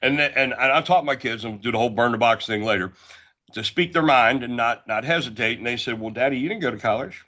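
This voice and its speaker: A middle-aged man from the Northeastern United States, a guest entrepreneur telling his story in a loud, brash, blunt way. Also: mid-range voice, fairly quick. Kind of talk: casual talk show storytelling.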